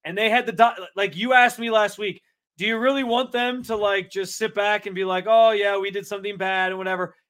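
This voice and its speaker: A man's voice: high voice, steady tone, a little fast, fairly bright tone. A man co-hosting a casual sports podcast, laughing often and making long, winding points. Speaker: podcast co-host.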